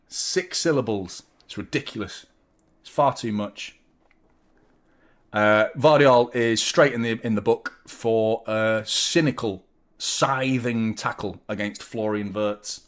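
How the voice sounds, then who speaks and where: A man hosting a live football watchalong, reacting loudly as a fan, swearing, joking and talking to viewers. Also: lowish voice. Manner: excitable, swearing, jokey fan banter, chatting to viewers. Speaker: watchalong host.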